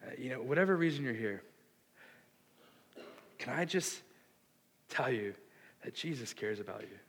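A man preaching a sermon, earnest and impassioned, with a hushed delivery that builds into fervor. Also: mid-range voice, animated, normal speed, husky. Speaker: pastor. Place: church sanctuary. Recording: long reverb of a large hall.

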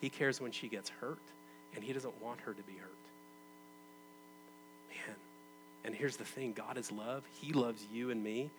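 Conversational pastor, lively swings in volume. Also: male voice, mid-range voice, measured pace, pauses often, over music, rough recording. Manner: conversational, swings from loud emphatic bursts to quiet intimate tones. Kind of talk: sermon.

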